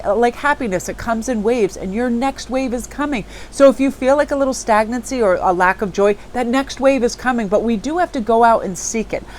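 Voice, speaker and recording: Woman, tarot vlog host, warm-hearted spiritual chatter, average pitch, faint noise floor. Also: rough recording. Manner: upbeat, spiritual, chatty storytelling. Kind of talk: casual reflective monologue.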